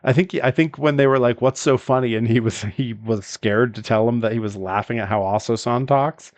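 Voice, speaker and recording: A man chats on his livestream at a mid pitch, laughing easily and trailing off into ums and uhs as he tells a story. His voice is close and dry, with little room sound, as if from a desk mic in a small room. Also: moderate pace, no echo. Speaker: streamer.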